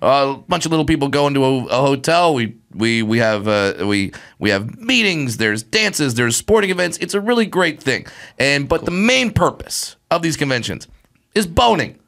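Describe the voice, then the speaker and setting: A man's voice: medium pitch, big pitch swings, moderate pace, creaky, a bit bright. A man telling a comic story in casual podcast chat, acting out voices with big jumps in his delivery. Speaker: comedian guest.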